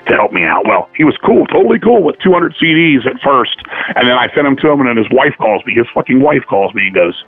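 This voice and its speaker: A man telling stories in a casual chat, profane and animated, acting out the dialogue of the people he quotes. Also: medium pitch, fast talker, soft background music. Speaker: podcast guest, metal musician. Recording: tinny phone-line audio.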